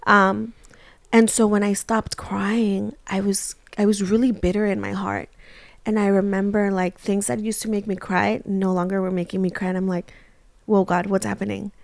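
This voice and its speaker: A woman in her thirties, co-hosting a casual chat, animated as she acts out her own thoughts. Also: medium pitch, normal speed, no echo. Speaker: co-host.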